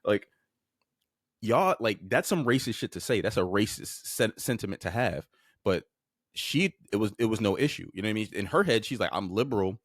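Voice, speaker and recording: A man's voice: lowish voice, big pitch swings, fairly quick, no echo, clean studio sound. A man hosting a podcast, talking bluntly and informally about clips he plays, swearing casually and restarting his phrases. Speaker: podcast host. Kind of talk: casual commentary on played clips.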